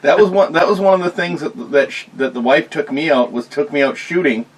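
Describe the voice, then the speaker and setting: A man's voice: fairly high pitch, fairly quick, slightly rough, distant mic, rough recording. A man bantering on a podcast, cussing and throwing in punchlines. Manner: joking, cussing, interrupting with punchlines. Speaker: podcast co-host. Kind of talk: casual banter.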